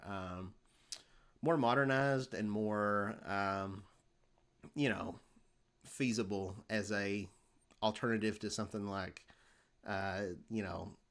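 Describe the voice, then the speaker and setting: A young man hosting a casual podcast, thinking out loud and filling pauses with ums and uhs. His voice sits a little low for a man. He talks through his ideas, restarting sentences often. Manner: rambling, many fillers and restarts. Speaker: podcast host.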